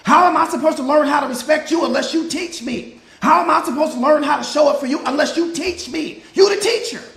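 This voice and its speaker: High-voiced man preaching in an echoey room. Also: a little fast, vocal fry, fairly bright tone. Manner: preachy, repetitive, fires rhetorical questions; greets viewers by name mid-talk. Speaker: mindset coach. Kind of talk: live motivational talk.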